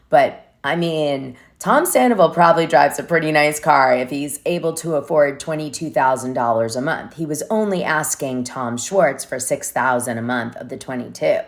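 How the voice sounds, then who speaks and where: A woman's voice: deep voice, animated, moderate pace, few pauses. A woman hosting a gossip channel, recapping reality TV in a chatty, rambling way.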